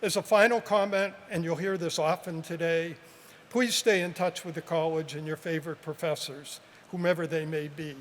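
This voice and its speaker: A man in his seventies, high-pitched for a man, delivers a measured, heartfelt commencement speech with touches of gentle humor. He speaks into a podium mic at an outdoor ceremony, and the sound carries a long, lingering reverb with faint background noise. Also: fairly even intonation. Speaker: professor giving a commencement address.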